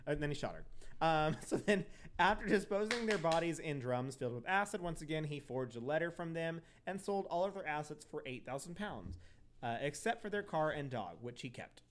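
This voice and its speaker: A man's voice: a little high, lively intonation, a little fast, a little hiss or hum. A young man hosting a podcast, telling a true crime story casually, with profane asides and self-corrections. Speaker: podcast host.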